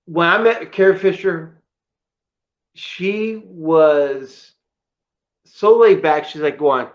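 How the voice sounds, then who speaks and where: A man's voice: a little high, slow, long pauses, lo-fi sound. A man chatting casually as a co-host, telling emotional stories about his collection. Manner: excitable storyteller, emotional and choked up at times. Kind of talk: casual chat.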